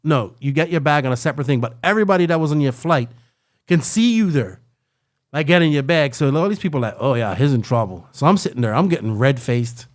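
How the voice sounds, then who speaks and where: A man telling a long travel story in casual podcast chat, rambling and animated, tagging lines with "right?" and "like". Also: fairly high pitch, quick pace.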